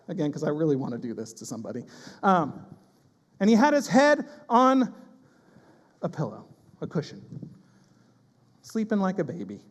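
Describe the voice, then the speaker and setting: High-voiced male pastor in a reverberant hall. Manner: animated, acts out panicked voices, quick asides. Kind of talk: sermon. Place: church sanctuary.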